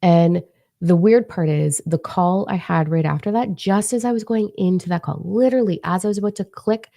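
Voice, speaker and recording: A young woman telling a story in a chatty, animated way, with casual swearing, as a spiritual teacher and author in a vlog. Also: on the low side, moderate pace, gravelly, no room sound, studio quality.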